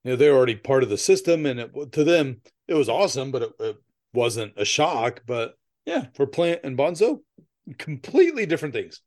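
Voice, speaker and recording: A male podcast co-host talking in relaxed, casual chat. He tells long, rambling stories, laughs often and swears freely. His voice sits at a middle pitch. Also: normal speed.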